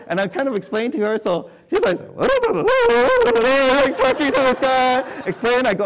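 A man from California preaching, telling a story in an animated way, swinging from loud excited bursts to quiet hushed tones. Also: very high voice, moderate pace, gravelly, few pauses. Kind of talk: sermon storytelling.

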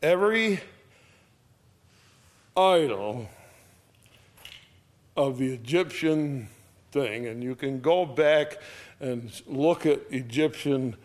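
A man preaching a verse-by-verse sermon in casual, homespun speech, checking in with "all right?" and reading scripture louder and quicker than his comments. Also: medium pitch, animated.

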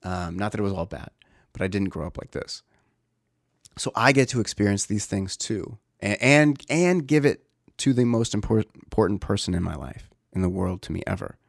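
A man's voice: lowish voice, animated, moderate pace, creaky, dry recording, clean studio sound. A man in his thirties, a father talking in a casual, reflective way, rambling with many fillers and restarts. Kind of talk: casual personal talk.

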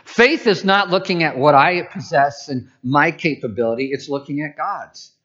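A man's voice: on the high side, expressive, normal speed, fairly bright tone, dull audio. A man preaching as a pastor, conversational, with asides and restarts. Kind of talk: sermon.

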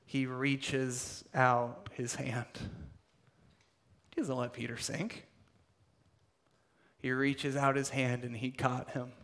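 A man preaching a sermon, retelling a scripture story with dramatic swings between loud emphasis and hushed, almost whispered lines. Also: mid-range voice. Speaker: pastor.

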